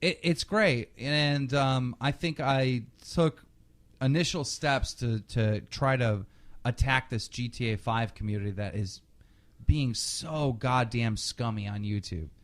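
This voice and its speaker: Male podcast host, lively storyteller who acts out the quotes. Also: mid-range voice, unhurried.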